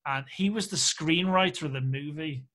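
A man from Australia chats as a podcast guest, telling frank stories and slipping into the voices of the people he quotes. His voice sits a little high for a man. He speaks openly and with animation, as if he has nothing to hide. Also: normal speed. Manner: candid, animated anecdote-teller who acts out quoted speech. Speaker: filmmaker guest. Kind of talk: casual podcast interview storytelling.

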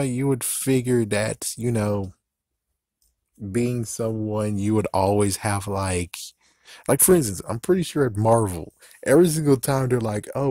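A young man with a lowish voice rants casually for his fan channel, rambling, swearing and flaring into frustrated outbursts. He is recorded close up in a dry, dead-sounding room. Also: dry recording. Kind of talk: casual ranting vlog.

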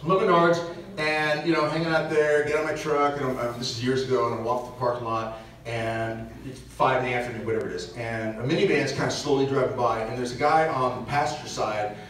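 A man's voice: mid-range voice, a little fast. Guy telling church stories, voice bouncing round a big echoey room, mic kinda far. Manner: animated storyteller acting out quotes. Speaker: parish mission speaker. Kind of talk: storytelling talk to a church audience. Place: large church. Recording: echoey church, distant mic, faint hiss.

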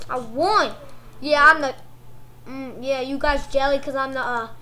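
A woman commentating on her own gameplay, excitable, cheering and shrieking at what happens on screen. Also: high-pitched, a little slow, slight background noise, low-quality recording. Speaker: gaming commentator. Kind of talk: let's play commentary.

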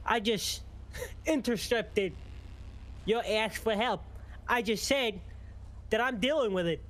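A man's voice: sits high, takes it slowly, fairly bright tone. A man role-playing a police officer in a game, taunting and menacing in a mocking way. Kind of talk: role-play in an online game.

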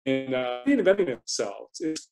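A man, a guest investor in an interview, explaining in a measured, conversational way and often repeating a word as he starts a thought. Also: a little high, huge pitch swings, gravelly, a little mellow, faint music behind.

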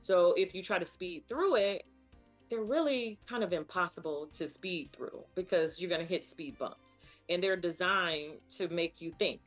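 Woman, guest speech coach, somewhat low voice, upbeat and playful, faint music behind. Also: animated, normal speed. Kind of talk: casual instructional chat.

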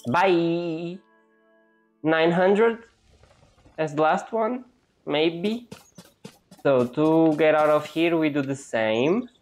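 A woman's voice: deep voice, slow, long pauses, darkish tone, faint music behind. A young woman chatting casually as she plays a video game, thinking aloud in a playful way. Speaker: gaming channel host. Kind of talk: casual gameplay commentary.

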